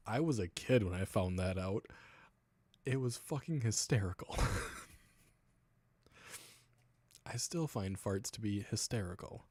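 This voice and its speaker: A man's voice: fairly low pitch, expressive, unhurried, darkish tone, no echo. A man in his thirties chatting on his livestream as its host, laughing often while he tells crude funny stories. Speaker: streamer. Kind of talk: casual livestream chat.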